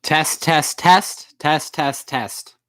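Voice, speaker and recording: A woman's voice: deep voice, drawn-out words. A woman ranting in a postgame fan video, angry, profane and emotional, on a home recording setup. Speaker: sports fan vlogger. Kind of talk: postgame rant.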